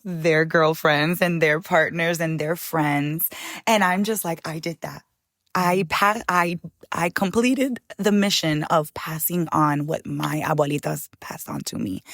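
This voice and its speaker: An older woman in an interview, a chef and author speaking in a heartfelt, halting way, close to tears at moments. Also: deep voice, no room sound. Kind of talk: emotional interview conversation.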